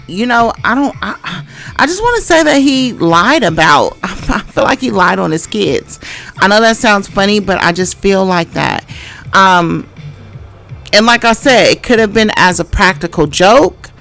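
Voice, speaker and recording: A woman's voice: medium pitch, gravelly, a bit bright. A middle-aged woman giving a casual tarot reading, rambling and hesitant, with many fillers and restarts. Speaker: tarot reader.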